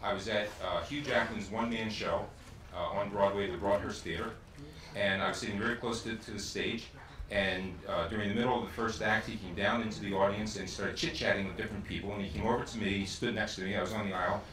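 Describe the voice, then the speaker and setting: A man's voice: on the low side, steady tone, fast, fairly bright tone, slight background noise. A man telling a chatty, self-deprecating anecdote to a live audience from a theater stage. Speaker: stage performer at an event. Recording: roomy hall, distant mic, music behind.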